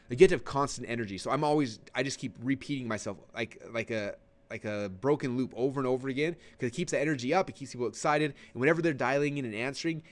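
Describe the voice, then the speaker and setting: A man teaching a webinar lesson in an energetic, emphatic, conversational way, leaning forward and gesturing as he talks. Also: medium pitch. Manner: conversational with frequent fillers and restarts. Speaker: online marketing instructor.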